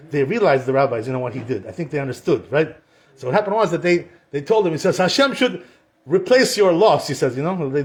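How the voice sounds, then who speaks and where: High-voiced male rabbi, talkative storyteller teaching a casual lesson. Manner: chatty, peppered with "you know" and Hebrew terms, acts out quotes.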